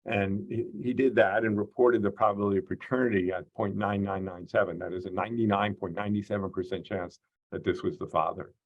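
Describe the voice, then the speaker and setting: A man lectures his class over a video call, working through each point in a measured way with plenty of "um" and "uh" fillers. His voice is low and a little husky. The audio comes through dull and muffled. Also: steady tone. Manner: measured, explanatory, frequent "uh" and "um" fillers. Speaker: course instructor. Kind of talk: online lecture.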